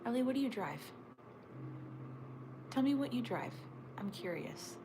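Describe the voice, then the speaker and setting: A woman's voice: fairly high pitch, measured pace. Chatty woman half-whispering to her stream. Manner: chatty, answers viewer comments, often drops to a whisper. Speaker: livestream host. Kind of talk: casual livestream chat with viewers. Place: at home looking out over a snowy backyard. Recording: steady background noise.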